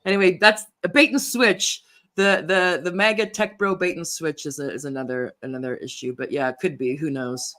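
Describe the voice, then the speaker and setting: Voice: medium pitch, steady tone, moderate pace, pushed and bright. A host running a political interview over a video call, rambling with many fillers and frequent laughs.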